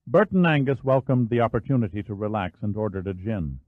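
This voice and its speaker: Low-voiced male audiobook narrator. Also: expressive, brisk, hardly any pauses, no room sound. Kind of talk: scripted narration. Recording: dry, phone-like narrow band.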